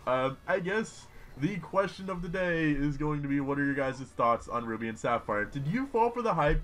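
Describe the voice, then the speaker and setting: A young man giving rambling, excitable commentary while playing a video game. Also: mid-range voice. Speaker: gaming YouTuber. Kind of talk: casual Let's Play commentary.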